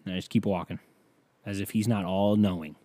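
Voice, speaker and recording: A man hosts his podcast solo in a loose, comedic monologue, swearing freely and bursting into mock shouts. His voice sits on the low side with a soft, mellow tone. The sound is dry and close, with little room around it. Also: fairly even intonation, fairly quick, no room sound. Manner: profane, ranting, mock-yells in bursts. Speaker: podcast host.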